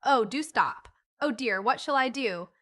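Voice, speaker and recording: A woman reading an audiobook voices an excitable, bossy young boy who exclaims eagerly. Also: a little high, unhurried. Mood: insistent.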